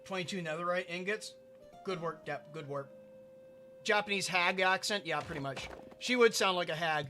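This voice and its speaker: A man speaks at normal speed in a high-pitched, bright, forceful voice, with faint music behind him. He streams a building game, chatting casually, answering chat, and muttering to himself as he places blocks.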